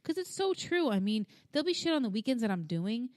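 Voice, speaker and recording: A woman in her thirties co-hosting a podcast, telling stories in an animated, casual way, swearing freely and acting out the voices of people in her stories. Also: fairly high pitch, fast, no room sound, studio quality. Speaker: podcast co-host. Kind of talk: casual chat.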